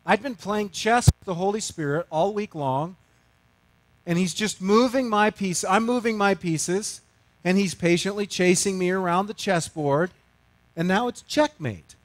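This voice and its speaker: Animated man preaching with a dry close sound. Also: high-pitched, a little slow, dry recording. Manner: animated, self-mocking storytelling with big swings from loud to hushed. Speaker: pastor. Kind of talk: sermon storytelling.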